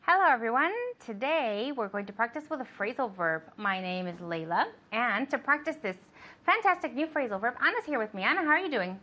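A woman teaching English in a bilingual lesson gives her student sentences to translate, patiently encouraging them with frequent "okay"s. Her voice is a little high, animated and bright, with a forceful tone and a slightly quick pace.

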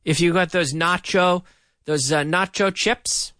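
A man's voice: sits high, measured pace, no room sound, studio quality. A middle-aged man teaching an English lesson, playfully drilling words by repeating them with a rhythmic da-da-da. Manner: playful, animated delivery.

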